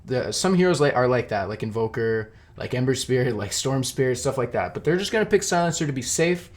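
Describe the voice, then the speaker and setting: A man's voice: medium pitch, expressive, a little fast. A young man giving casual, rambling solo commentary on a match, eating while he talks and laughing at himself. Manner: rambling, self-deprecating, laughs often. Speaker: esports caster.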